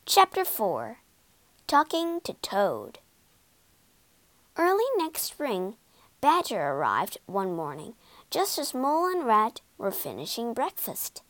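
A woman reading a children's story aloud in an expressive, storybook narration. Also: on the high side, no room sound. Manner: slow, lively expressive reading.

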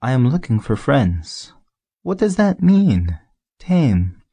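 A man's voice: mid-range voice, sing-song, slow pace, mellow, breathy edge, no echo, pitched above the performer's own voice, exaggerated voice. A man voicing a curious, polite little boy prince in an audiobook reading, asking earnest questions. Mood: wondering.

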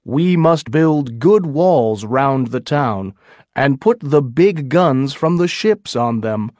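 A man's voice: mid-range voice, animated, slow, darkish tone, no echo, clean studio sound. A man doing a firm, commanding leader. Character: firm, careful male expedition leader.

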